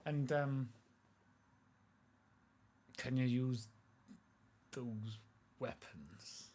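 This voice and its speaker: A man's voice: medium pitch, extremely slow, darkish tone, pitched above the performer's own voice. A man voicing a protective, hospitable hobbit mother in a tabletop role-play, speaking in a hesitant, motherly way. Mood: wary, welcoming.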